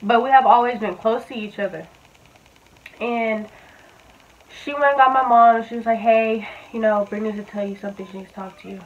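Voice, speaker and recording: Her voice runs a bit high and stays steady in tone while she speaks slightly fast. She's a twenty-something vlogger candidly telling a personal story, swearing and filling the gaps with fillers, all on tinny phone-style audio.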